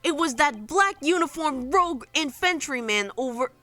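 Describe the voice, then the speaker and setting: A woman's voice: sits high, lively intonation, moderate pace, bright, forceful tone, faint music behind, voice pushed up. A woman voicing a stiff young male army sergeant who reports in a barked military way. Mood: urgent.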